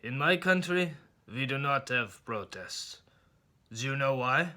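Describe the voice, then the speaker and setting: A man voicing a stern older male dentist who speaks in a low, slow, menacing hush. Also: expressive. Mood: grim, hushed.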